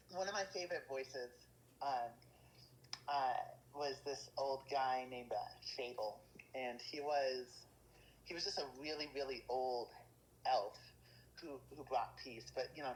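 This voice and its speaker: A woman's voice: very deep voice, a little hiss or hum, low-quality recording. A woman dungeon master, a guest in a casual interview, rambling with lots of fillers and restarts.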